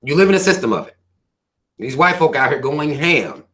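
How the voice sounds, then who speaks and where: A man's voice: mid-range voice, big pitch swings, moderate pace, a bit bright. A man hosting a livestream, reading viewer comments aloud and ranting at them in a profane, preachy way, firing questions at his listeners. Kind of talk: livestream rant.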